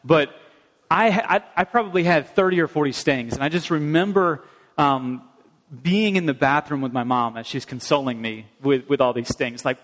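A middle-aged man, a pastor, telling personal stories in an animated sermon. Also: fairly high pitch, moderate pace. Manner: animated storytelling, acts out his mother's voice. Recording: long reverb of a large hall.

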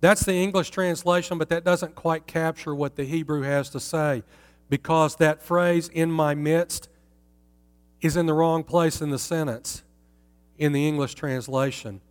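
A man's voice: fairly high pitch, steady tone, normal speed, clear, resonant tone. A man teaching from the Bible in a conversational way, putting rhetorical questions to his listeners. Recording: long reverb in a hall.

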